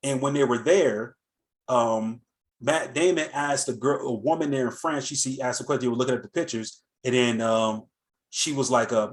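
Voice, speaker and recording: A man's voice: mid-range voice, moderate pace. An American man hosting a casual talk show, rambling through a story with many fillers and restarts. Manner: rambling, lots of fillers and restarts, animated retelling. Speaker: host.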